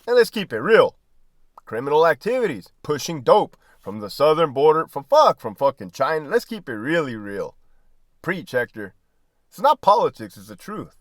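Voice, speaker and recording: Animated, high-pitched swearing man. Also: normal speed, dry recording, studio quality. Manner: animated, swearing, laughing often. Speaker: podcast host, former prison guard and army veteran. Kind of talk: casual profane monologue.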